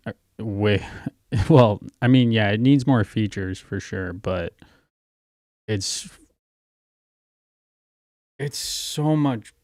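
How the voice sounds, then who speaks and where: A man's voice: lowish voice, dry recording, clean studio sound. A man hosting a casual livestream, chatting loosely with callers and swearing freely. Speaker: livestream host.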